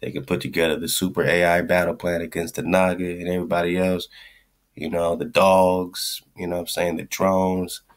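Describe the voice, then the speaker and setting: A man's voice: low-pitched, completely flat delivery, fast talker, few pauses. A man hosting a radio show, giving blunt, slangy, profane commentary on a clip he is playing and repeating his points.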